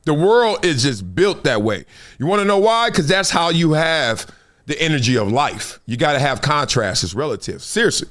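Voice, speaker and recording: A man with a higher-than-usual voice hosts a live sports show. His pitch swings widely as he preaches, acts out little scenes and breaks into laughs. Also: sing-song, moderate pace, a bit bright. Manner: preachy storytelling, acts out quotes, laughs often. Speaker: host. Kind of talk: animated sports talk.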